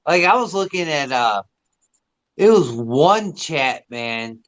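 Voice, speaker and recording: Man, nostalgic casual chat, lively pitch, unhurried, laughs a lot. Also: rough recording.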